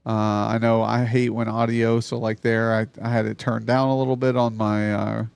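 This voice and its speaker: A man's voice: medium pitch, little pitch movement, normal speed, vocal fry, darkish tone, clean tone. A man hosting a live stream, chatting casually and loosely with a guest and his chat and swearing freely. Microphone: streaming mic on a mixer.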